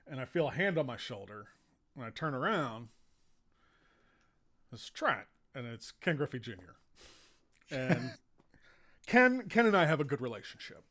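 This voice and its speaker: A man's voice: medium pitch, moderate pace, pauses often. American man telling rambling baseball stories. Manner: rambling, relaxed anecdotes with many fillers. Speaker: podcast host and baseball writer. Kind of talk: casual storytelling chat.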